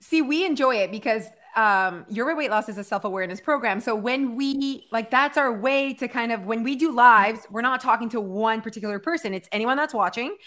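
A woman's voice: a little high, a little fast, hardly any pauses, a bit bright. A woman co-hosting a podcast, chatting with an upbeat, enthusiastic manner. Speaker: podcast co-host. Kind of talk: casual podcast interview.

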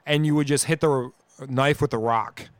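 A man co-hosting a casual podcast, telling road-trip stories with loud, profane, acted-out bursts. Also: medium pitch, moderate pace, smooth, no echo. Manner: animated, profane storyteller acting out scenes loudly. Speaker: podcast co-host. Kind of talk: casual storytelling.

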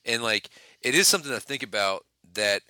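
A man in casual podcast chat who chimes in with quick agreement and short quips. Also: medium pitch, animated, sharp tone, clean tone, no echo.

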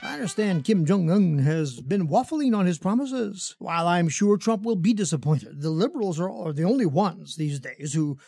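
A man's voice: high voice, lively intonation, moderate pace, vocal fry, hardly any pauses, mellow, breathy edge, no echo, studio quality, soft background music. A man hosting a radio show as a pastor, giving an opinionated commentary monologue with frequent fillers and chuckles.

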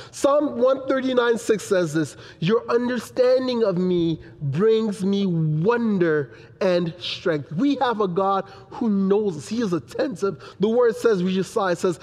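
A man's voice: sits high, a little mellow. A young adult man, a pastor, preaching a sermon in an earnest style with building repetition. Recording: long hall reverb.

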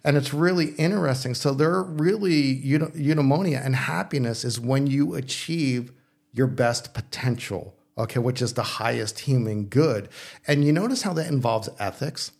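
A man with a rough, gravelly edge, chatting casually as a pastor. He works through ideas aloud, restarting sentences and checking in with his co-host, with a playful streak. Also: medium pitch, normal speed, darkish tone. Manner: thinking aloud, with restarts and frequent "okay?" check-ins; playful, teasing. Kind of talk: casual discussion on faith and philosophy.

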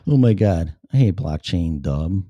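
A man hosts his own talk show and answers the chat room in a blunt, sarcastic way, swearing freely. His voice sits very low and mellow. The sound is close and dry. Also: lively intonation, measured pace, dry recording, highs cut off. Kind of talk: casual solo show, reading chat aloud.

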